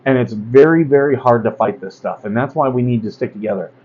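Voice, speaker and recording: A man's voice: medium pitch, a little fast, darkish tone, husky, lo-fi sound. A man hosting a casual livestream talk, blunt and rambling, with many fillers and asides. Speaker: host.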